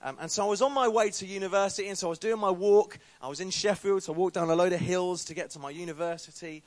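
Chatty young man, fairly high voice. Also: fairly even intonation, no room sound. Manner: chatty, self-deprecating, quick asides. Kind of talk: informal talk with storytelling.

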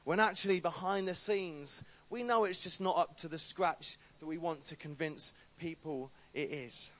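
A man's voice: on the high side, moderate pace, a bit bright. A young man giving an informal talk to a faith group, telling a story with chatty, self-deprecating asides.

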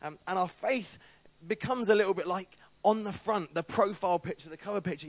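Chatty young man, fairly high voice. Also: dry recording. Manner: chatty, self-deprecating, quick asides. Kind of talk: informal talk with storytelling.

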